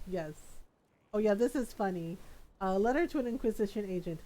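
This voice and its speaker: A woman's voice: mid-range voice, animated, normal speed, warm tone. A woman streaming a video game, chatting casually and thinking aloud, laughing often. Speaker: gaming streamer. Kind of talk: casual live-stream chat.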